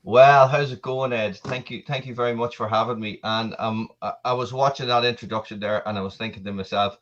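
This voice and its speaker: A middle-aged Irish man talking as a guest over a video call, fairly low-voiced and quick to joke at his own expense. The sound is muffled and lo-fi, like call audio. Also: fairly even intonation, slight background noise. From Ireland. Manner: jokey, self-mocking, laughs at his own lines.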